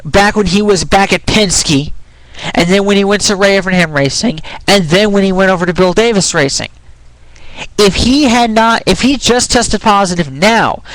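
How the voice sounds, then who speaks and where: In this ranting opinion vlog, a young man with a high-pitched, fairly bright voice argues in a frustrated, meandering way. He keeps restarting sentences, swears, and his voice cracks as the pitch rises; the recording is rough, without echo.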